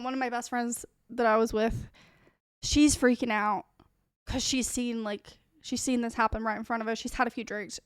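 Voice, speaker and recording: A woman's voice: fairly high pitch, clear, resonant tone, no room sound, clean studio sound. A young woman streamer telling a casual, rambling story full of fillers and swearing.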